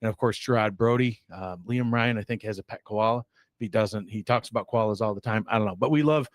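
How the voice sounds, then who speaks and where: A man's voice: on the low side, brisk, no room sound, clean studio sound. A man hosting a sports show in a loose, rambling way, full of fillers and self-deprecating asides. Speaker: show host. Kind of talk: casual sports show chat.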